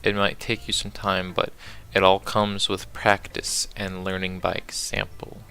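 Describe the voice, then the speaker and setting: A man reading the lines of a shy, bookish teenage girl from a game, soft and polite. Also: deep voice, monotone, unhurried, smooth, soft background music, exaggerated voice. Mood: gentle. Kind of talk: reading game dialogue aloud.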